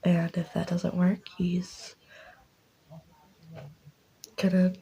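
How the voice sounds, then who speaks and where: Woman playing a scared, stammering mom, breathy hushed voice, mellow tone, whispered role-play. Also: fairly low pitch, completely flat delivery, very slow, exaggerated voice, rough recording. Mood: shaken. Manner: hesitant, stammering. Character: frightened worried mother.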